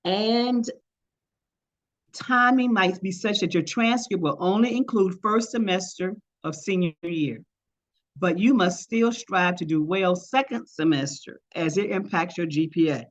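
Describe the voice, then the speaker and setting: An older woman, once a teacher and now retired, leads an online workshop and tells stories, acting out the voices of the people she quotes. Her voice is fairly low and a little slow, captured roughly over a video call.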